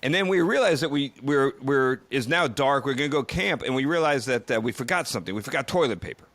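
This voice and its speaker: A man telling a camping story in casual podcast chat, relaxed and full of fillers. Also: mid-range voice, no echo. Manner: relaxed, filler-heavy, quick asides. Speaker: podcast co-host.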